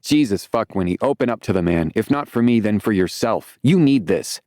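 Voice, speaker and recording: A man voicing a flamboyant, excitable young man in his twenties who teases and gushes on a video call. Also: on the low side, moderate pace, no echo, clean studio sound, pitched above the performer's own voice, lightly acted. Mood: gushing. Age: 20s. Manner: excitable, teasing, dramatic.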